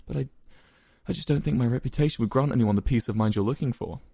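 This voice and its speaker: A man's voice: medium pitch, fast, vocal fry, mellow, breathy edge, dry recording, clean studio sound. A man voicing a proud, stammering young leader in a fan fiction read-aloud. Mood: hesitant. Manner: stuttering, repeats words.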